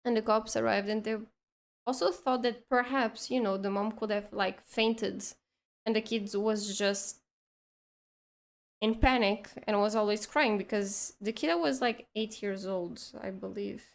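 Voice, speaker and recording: A woman's voice: medium pitch, fairly even intonation, a little slow, gravelly. A woman telling a long story in casual chat, rambling with lots of "like" and restarts. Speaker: streamer.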